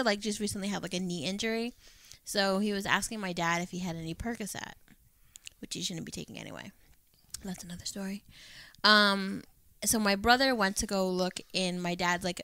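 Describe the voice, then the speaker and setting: A woman's voice: medium pitch, clean tone, no room sound. A woman in her thirties co-hosting a casual podcast, telling family stories with lots of laughter. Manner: animated storytelling, laughs often, acts out family quotes. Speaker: podcast co-host. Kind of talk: casual chat.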